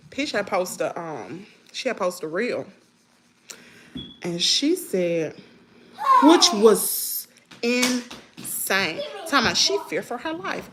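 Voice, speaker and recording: A woman's voice: mid-range voice, slight background noise. A woman hosting a casual gossip livestream, talking sassily and directly to her viewers. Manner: sassy, animated, talks straight to viewers. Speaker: livestream host.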